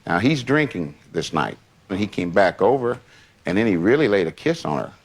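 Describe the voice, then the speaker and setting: Older male storyteller, low-pitched voice, loose and rambling. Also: big pitch swings, brisk. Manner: rambling anecdotes with many asides. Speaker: longtime associate recounting memories. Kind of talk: casual storytelling.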